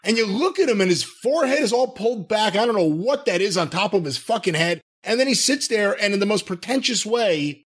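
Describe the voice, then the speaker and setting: A man's voice: high voice, lively intonation, a little fast, husky. A man co-hosting a podcast, talking in an incredulous, mocking and profane way. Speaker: podcast co-host. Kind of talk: casual podcast chat.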